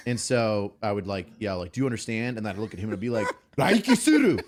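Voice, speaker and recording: A former drill sergeant telling army stories in an animated way, acting out the orders he barked. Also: on the low side, fast talker. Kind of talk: animated storytelling on a stream.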